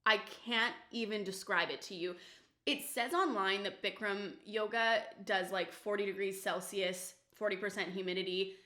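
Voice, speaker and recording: Young woman gabbing thru a get ready with me, says like constantly, swears a lot, sharp bright voice, echoey room. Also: mid-range voice, steady tone, moderate pace. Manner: casual, fillers of "like", frequent swearing. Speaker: beauty vlogger. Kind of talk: chatty get-ready-with-me storytime. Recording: roomy echo.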